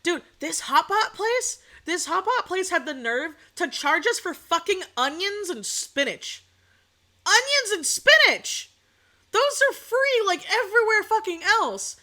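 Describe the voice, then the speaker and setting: Young woman streamer, bright high voice that swings wildly, swearing rants, casual storytelling at a desk mic. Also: a little slow, few pauses. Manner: animated ranting with frequent swearing and outbursts. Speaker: VTuber streamer.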